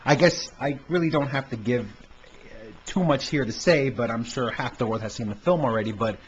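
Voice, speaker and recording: A man's voice: mid-range voice, normal speed. Hesitant man on a lo-fi podcast. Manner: hesitant, stammering, lots of fillers. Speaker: podcast host. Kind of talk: casual film review chat. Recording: dull lo-fi amateur podcast recording with faint noise.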